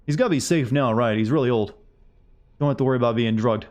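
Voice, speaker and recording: A man's voice: medium pitch, quick pace, darkish tone. Man rambling jokes over his gameplay. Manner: rambling, joking asides to chat. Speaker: game streamer. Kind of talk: casual gameplay commentary.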